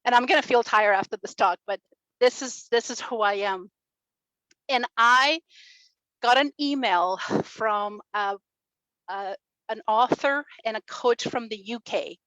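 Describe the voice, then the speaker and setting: A woman in her forties speaks on stage, telling a personal story with earnest energy and a fairly high voice. The sound is dry and close, with no room echo. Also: a little slow. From Chile. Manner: earnest, animated storytelling with laughs and acted quotes. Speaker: speaker at a summit, radio and podcast host. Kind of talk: motivational personal talk. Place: stage at a summit.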